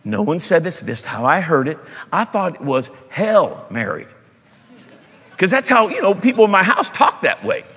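A pastor preaching a sermon with storytelling, animated, jumping between loud emphasis and quiet asides. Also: male voice, high voice, moderate pace, breathy edge, long reverb tail.

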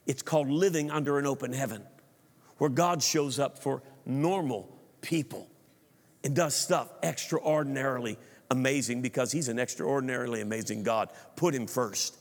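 A pastor delivers a sermon with earnest, preacherly emphasis, often repeating words as he tells a story. His voice sits a little high for a man. The sound carries a long reverb from a large church sanctuary.

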